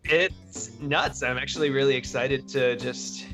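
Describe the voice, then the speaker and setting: A man chatting as a guest on a podcast, upbeat and quick to laugh. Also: medium pitch, steady tone, music in the background. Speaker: podcast guest, game master. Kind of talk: casual chat.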